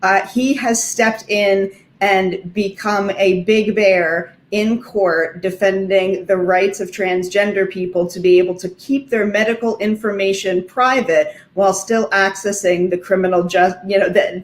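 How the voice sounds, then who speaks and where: A woman's voice: mid-range voice, steady tone, a little slow. An earnest woman attorney speaks from the heart at a virtual fundraiser, stumbling now and then and restarting her sentences. Her voice carries the echo of a roomy space, as though picked up over a video call. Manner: earnest, with frequent fillers and restarts. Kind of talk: heartfelt virtual event speech. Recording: echoey room sound.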